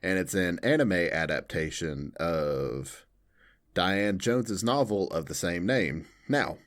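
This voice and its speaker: A man co-hosting a podcast in casual chat, from the Southern United States, telling stories in an animated way and laughing often. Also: low voice, takes it slowly. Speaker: podcast co-host.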